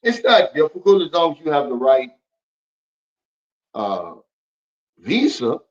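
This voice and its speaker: A man hosts a casual livestream in dull, lo-fi audio, taking his time as his slightly high voice swoops wildly in pitch. He answers viewer comments by bluntly lecturing them.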